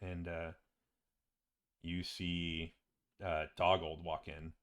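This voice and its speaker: A man's voice: sits low, flat delivery, drawn-out words. A man narrating a tabletop game as game master, in a casual, rambling way with many fillers.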